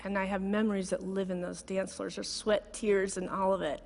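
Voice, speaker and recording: A woman's voice: medium pitch, flat delivery, moderate pace, vocal fry, darkish tone. A middle-aged woman giving a heartfelt, conversational sermon built around a personal story, close to tears. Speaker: guest speaker. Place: large church sanctuary. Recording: long hall reverb.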